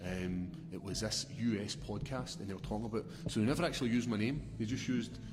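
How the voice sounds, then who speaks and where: A man's voice: on the low side, fast, over music. A young Scottish man, a podcast guest, telling crude stories in loose, laughing chat. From Scotland. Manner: crude, animated storytelling, breaks into laughter. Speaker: guest, fighter. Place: podcast studio. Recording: reverberant room.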